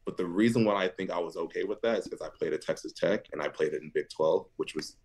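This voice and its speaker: Low-voiced man telling animated stories. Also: quick pace. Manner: laughs through stories, jumps high when quoting others. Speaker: interview guest, football linebacker. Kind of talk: animated storytelling.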